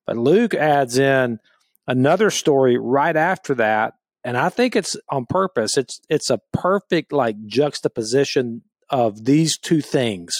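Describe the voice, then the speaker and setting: A man's voice: mid-range voice, lively intonation, a little slow, no room sound, clean studio sound. A man co-hosting a podcast, leading a Bible discussion and reading scripture aloud in an earnest, emphatic way with frequent restarts. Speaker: podcast co-host.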